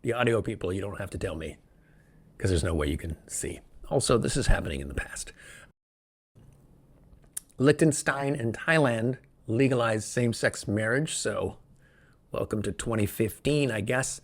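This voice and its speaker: A man hosting a solo podcast, talking in an excitable, rambling, jokey way from a room where he records alone. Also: lowish voice, moderate pace, long pauses. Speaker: podcast host. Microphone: podcast microphone, also filmed.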